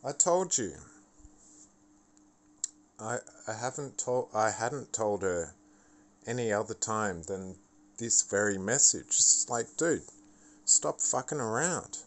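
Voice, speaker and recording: A man's voice: on the low side, animated, slow, pauses often. A tired man talking straight to the camera in a blunt, profane and exasperated ranting monologue. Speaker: vlogger.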